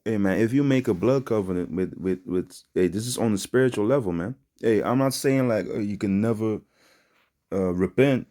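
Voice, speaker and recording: A man's voice: lowish voice, normal speed, warm tone. A man giving an informal religious teaching in street slang, rambling with many fillers and ending his phrases with "man". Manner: street-style slangy preaching, repeats "man". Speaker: preacher.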